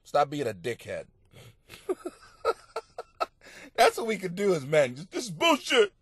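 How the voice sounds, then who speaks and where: A brash man answers listener questions in a casual podcast monologue, his voice a bit higher than most. He is blunt and crude, swears freely and bursts into loud rants. The sound is close and dry, with no room around it. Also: huge pitch swings, a little slow, breathy edge, dry recording. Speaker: podcast host giving advice.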